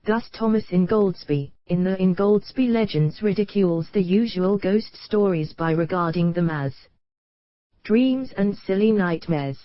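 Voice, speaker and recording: A woman's voice: medium pitch, no echo. Woman narrating an audiobook, dry and dull. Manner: even, measured reading that voices page headers and numbers aloud. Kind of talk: scripted nonfiction narration.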